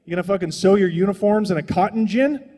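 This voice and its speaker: A man's voice: high-pitched, fast talker, mellow, big-room sound. A young adult man doing a stand-up comedy set on a small stage, rambling and profane in a loose, conversational way.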